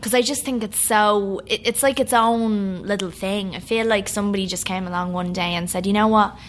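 An Irish actress chatting as a guest, easygoing and quick to laugh. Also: female voice, medium pitch, steady tone, a little hiss or hum. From Ireland. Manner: warm laughing chat, quick to do American voices. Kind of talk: casual chat.

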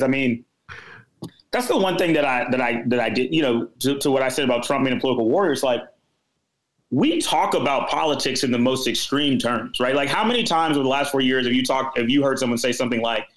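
A man from Houston, Texas, guest on a political podcast, talking in a casual, animated and emphatic way. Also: medium pitch, quick pace, rough recording.

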